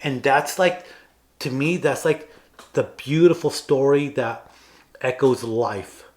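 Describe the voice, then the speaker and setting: A man's voice: mid-range voice, slow, darkish tone. Earnest man retelling film scenes. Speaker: podcast co-host. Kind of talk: casual chat.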